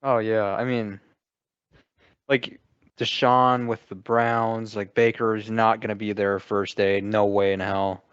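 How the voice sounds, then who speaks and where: A man's voice: fairly low pitch, little pitch movement, takes it slowly, a bit bright, smooth, dry recording. A man speaking as a guest on a sports podcast, chatting casually with a laid-back, offhand manner. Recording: dry, dull lo-fi audio.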